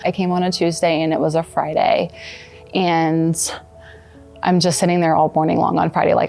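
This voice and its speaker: A woman in her thirties giving a personal testimonial, earnest and halting, with soft restarts. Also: sits low, level tone, gravelly, soft background music. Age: 30s. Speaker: former patient giving a testimonial.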